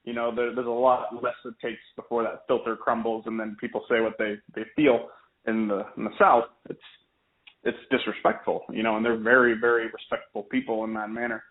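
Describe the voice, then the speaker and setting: A man's voice: medium pitch, fairly quick. A man co-hosting a podcast, rambling through casual anecdotes. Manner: rambling, animated, puts on voices in anecdotes. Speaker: podcast co-host. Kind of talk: casual chat. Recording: tinny phone-like line.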